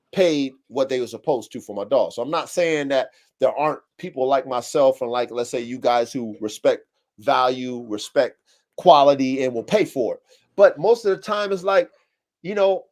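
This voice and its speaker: A man in his thirties hosting a casual podcast chat, animated and slangy, with blunt profanity and acted-out customer quotes. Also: fairly high pitch. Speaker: podcast host. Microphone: live-stream call setup.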